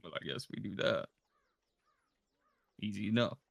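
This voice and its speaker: A man's voice: fairly low pitch, lively intonation, unhurried, vocal fry, dry recording. A man playing a tabletop game, chatting and joking with his group. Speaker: player. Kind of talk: casual tabletop game chat.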